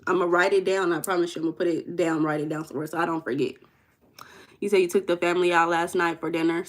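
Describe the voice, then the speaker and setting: Chatty Midwestern woman hosting a livestream. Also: on the low side. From Midwest, United States. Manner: chatty, playful, teasing, calls out names from the chat. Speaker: live stream host. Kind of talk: casual livestream chat, reading the chat aloud. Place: home room.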